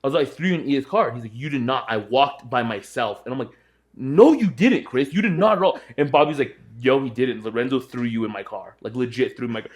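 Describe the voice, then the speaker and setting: A man's voice: mid-range voice, fast, few pauses. A young man co-hosting a podcast, telling a story in casual chat and acting out his friends' voices. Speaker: podcast co-host.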